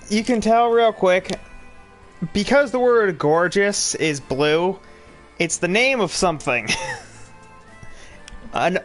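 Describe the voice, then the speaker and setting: A man chatting through a video game in a loose, joking way, throwing in crude asides. His voice sits a touch high and bounces around a lot. Faint game music runs behind him. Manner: jokey, crude, reads game text aloud. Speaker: gaming video host. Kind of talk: casual let's play commentary.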